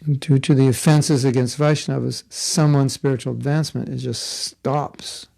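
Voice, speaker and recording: A man's voice: medium pitch, steady tone, moderate pace, gravelly, mellow. A man giving a conversational devotional class, telling a story with asides and jokes. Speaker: spiritual teacher. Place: Florida.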